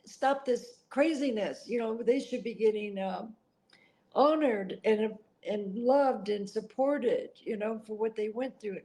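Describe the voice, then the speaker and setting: A woman's voice: a little high, warm tone, poor audio. A middle-aged woman answering interview questions in an earnest, emotional way, now and then apologizing for getting upset. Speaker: interview guest.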